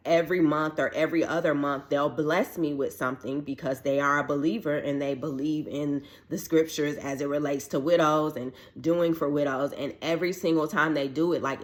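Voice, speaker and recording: A woman telling a personal faith testimony in a casual, chatty way, earnest and heartfelt, acting out the dialogue she quotes. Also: deep voice. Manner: chatty, filler-heavy, acts out quoted dialogue. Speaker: widowed mother sharing a faith testimony.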